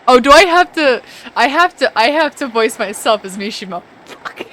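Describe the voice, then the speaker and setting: A woman's voice: a little high, animated, normal speed, fairly bright tone, slight background noise. Giggly young woman playing a game. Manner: giggly, swears, voices game characters badly on purpose. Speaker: gaming streamer. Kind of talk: casual let's-play commentary, reading dialogue aloud.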